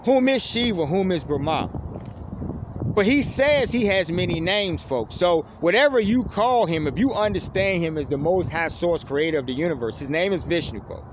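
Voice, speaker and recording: A man delivering a fervent spiritual monologue to viewers, closing almost every phrase with a low, trailing "folks.". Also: lively intonation, normal speed, noisy background. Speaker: preacher addressing online viewers.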